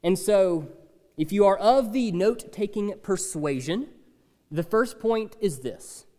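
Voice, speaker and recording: Expressive pastor in a reverberant hall. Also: male voice, high voice, a little slow. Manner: conversational, emphatic, repeats key phrases. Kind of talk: sermon.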